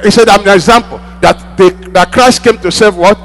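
A man's voice: high-pitched, a little fast, faint music behind. A male pastor preaching a sermon, repeating lines for emphasis and prompting the congregation to answer back. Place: church hall. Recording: long hall reverb with mains hum.

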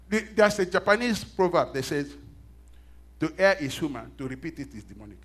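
Husky-voiced man preaching a sermon. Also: fairly high pitch, sing-song, a little fast. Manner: storytelling with self-mocking laughs, swings from hushed asides to loud emphatic bursts. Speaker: pastor.

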